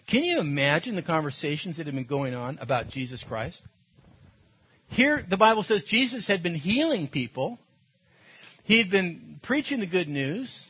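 A man preaching a sermon, telling a Bible story with animated, swooping delivery and little acted-out voices. His voice is slightly husky and a bit high for a man. The recording sounds dull and lo-fi. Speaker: pastor.

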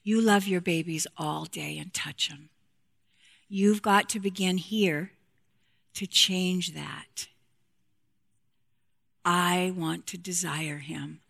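A woman's voice: fairly low pitch, steady tone, takes it slowly, vocal fry, pauses often, fairly bright tone. A woman speaking frankly to a women's group about marriage and intimacy, playful and direct, acting out quotes from couples.

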